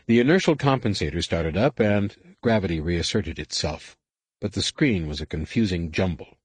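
A man narrating an audiobook chapter in a measured, even reading. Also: sits low, slightly rough, no echo. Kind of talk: scripted narration.

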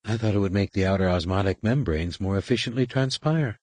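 Humble young alien apprentice woman, voiced by a deep-voiced male reader; deferential, careful, slightly raised from a low husky base. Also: a little fast, darkish tone, no room sound, natural voice. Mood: deferential, cautious. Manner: deferential, cautious. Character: young female adept, humble and cautious.

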